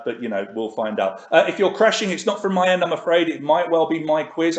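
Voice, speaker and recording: Chatty male quiz host, echoey room. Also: medium pitch. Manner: chatty, reads questions and options twice. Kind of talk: live online quiz hosting.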